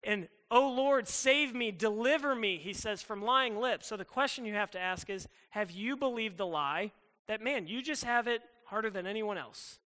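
Young male youth pastor, high and piercing voice, emphatic casual preaching in a reverberant hall. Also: moderate pace, bright, forceful tone. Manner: emphatic and conversational, acts out inner thoughts. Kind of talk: sermon.

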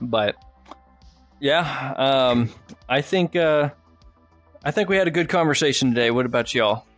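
A man's voice: mid-range voice, unhurried, fairly bright tone, faint music behind. A man hosting a podcast, telling rambling stories with lots of swearing and laughter. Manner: rambling storyteller, swears freely, laughs often. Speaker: podcast host. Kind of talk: casual chat.

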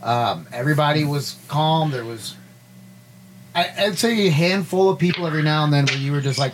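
A man co-hosting a podcast, telling a rambling, animated story with lots of fillers in a casual chat. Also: a little high, a little fast, very noisy. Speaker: podcast co-host.

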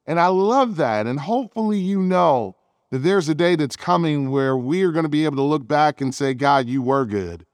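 A male pastor with a fairly high voice delivers an earnest sermon. He pushes ahead quickly, then slows right down to press a point home. The sound is close and dry, with no room echo. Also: animated. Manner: earnest preaching, with speeding and slowing for emphasis; reads scripture aloud.

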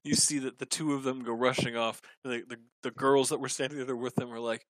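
A man's voice: medium pitch, fairly even intonation, fairly quick, hardly any pauses, fairly bright tone, dry recording. A man running a tabletop game as game master, narrating scenes and calling for rolls, often trailing off and restarting.

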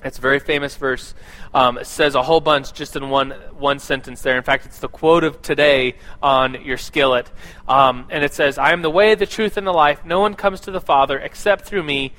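A man's voice: on the high side, steady tone, moderate pace, sharp tone, rough recording. A man giving a casual, conversational sermon and church announcements, with a lot of fillers and restarts.

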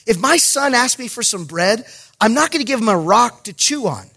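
A pastor giving an emphatic sermon, with jokey asides and bursts of raised voice. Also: male voice, very high-pitched, expressive, moderate pace, gravelly, bright, forceful tone, husky.

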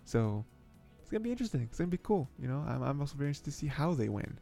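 A man chatting casually through an anime recap, his voice gravelly with a warm, mellow tone. He rambles, chuckles often and leans on fillers, with faint music underneath. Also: mid-range voice, sing-song, rapid-fire. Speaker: anime podcast host. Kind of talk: casual episode recap and commentary.

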